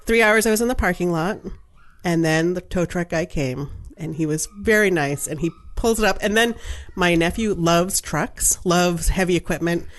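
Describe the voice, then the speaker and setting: A woman's voice: lowish voice, moderate pace. A middle-aged woman from Maine co-hosting a podcast, telling a story in casual chat and acting out the people in it with lots of laughter. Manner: animated storyteller, acts out quoted voices, laughs often. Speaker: podcast co-host.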